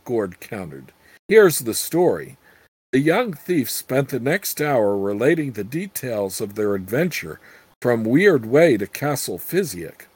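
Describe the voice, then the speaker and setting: A man reading a fantasy novel aloud in a casual, unhurried way. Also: mid-range voice, big pitch swings, darkish tone, slightly rough, no room sound. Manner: unhurried, with fillers and restarts. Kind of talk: casual read-aloud narration.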